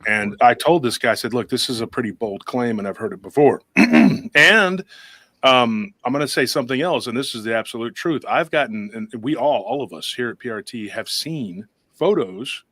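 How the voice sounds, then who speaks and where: A man's voice: mid-range voice, lively intonation, moderate pace, pushed and bright, dry recording. A man hosting a paranormal talk show, telling a long story in a rambling, casual way with many restarts and acted-out quotes. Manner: rambling, restarts often, acts out quoted voices.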